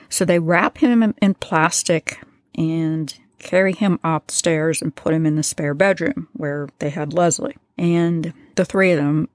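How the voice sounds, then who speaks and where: A woman's voice: low voice, dry recording, studio quality. An American woman hosting a true crime podcast, retelling a case in a casual, chatty way with asides and filler words. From United States. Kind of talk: casual storytelling lesson.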